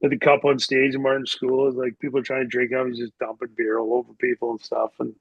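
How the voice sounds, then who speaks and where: With vocal fry and a slightly rough edge, this middle-aged man talks at a quick pace in a flat, mid-range voice. He's a former hockey player telling loose, rambling stories as a podcast guest, heavy on filler words. The sound is dull, dry, and lo-fi.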